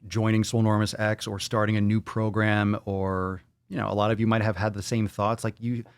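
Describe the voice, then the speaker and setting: Low-voiced guy hosting a gym podcast, swears a lot, blunt and pushy, dry close mic. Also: no room sound. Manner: profane, blunt, motivational. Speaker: podcast host. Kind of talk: casual podcast monologue.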